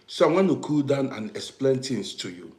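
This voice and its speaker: A man from Africa with an African English accent, hosting a livestream and talking to his viewers in an emphatic way, checking that they understand and breaking into loud bursts. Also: mid-range voice, big pitch swings, normal speed, roomy sound. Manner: emphatic, repeats "do you understand me", swings from quiet to loud bursts. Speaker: livestream host. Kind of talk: live-streamed commentary to viewers.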